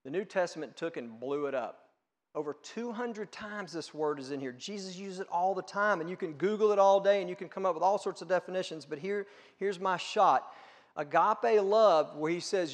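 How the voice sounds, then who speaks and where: A middle-aged male pastor preaching a sermon, emphatic and swinging between hushed and loud delivery. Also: sits high, expressive, moderate pace, big-room sound.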